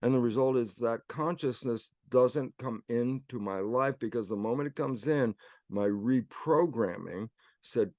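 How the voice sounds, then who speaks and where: A man's voice: medium pitch, a little slow, darkish tone, no echo. An older man, a guest in an interview, telling personal stories animatedly and acting out inner voices. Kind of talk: storytelling interview talk.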